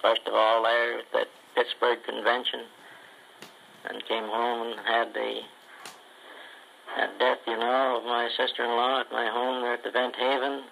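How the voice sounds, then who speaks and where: A man's voice: mid-range voice, level tone, unhurried, vocal fry, pushed and bright, low-quality recording. An older man rambling in a folksy recorded letter. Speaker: ventriloquist.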